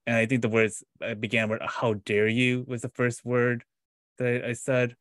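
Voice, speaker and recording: A man hosting a podcast interview, responding in a measured, reflective way with hesitant pauses. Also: medium pitch, level tone, no echo. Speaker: podcast host.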